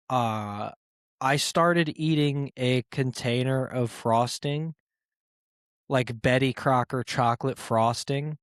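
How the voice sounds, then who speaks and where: A man hosting his own podcast, rambling casually with profanity and self-mocking asides, speaking in quick bursts. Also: medium pitch, no room sound, studio quality. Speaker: podcast host.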